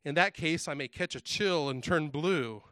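A fretful, foolish storybook creature that cannot make up its mind, as a man reads it out from a rhyming tale. The voice sits a little high, in a dry, close sound. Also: normal speed, bright, forceful tone, clean tone, no echo. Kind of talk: reading a rhyming children's story aloud.

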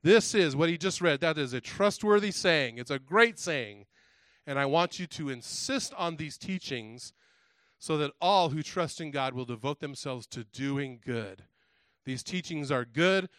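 A man's voice: a little high, expressive, measured pace, a bit bright, clean tone, no room sound. A man preaching a sermon in a conversational way, asking the congregation direct questions and often restarting his words. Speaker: pastor.

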